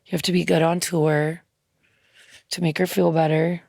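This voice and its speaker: A woman with a low, gravelly voice tells a heartfelt story, chatty and loose, full of ums and little quoted asides. She is a guest in a radio studio, and her voice sounds dry and close to the mic. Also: level tone, normal speed, a little mellow, no echo. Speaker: musician guest. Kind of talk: casual interview storytelling.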